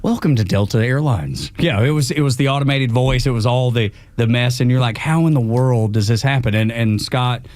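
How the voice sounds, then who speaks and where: A male radio co-host chatting casually in a studio, quick to react with exclamations. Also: mid-range voice, a little mellow, no echo. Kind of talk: casual morning radio chat.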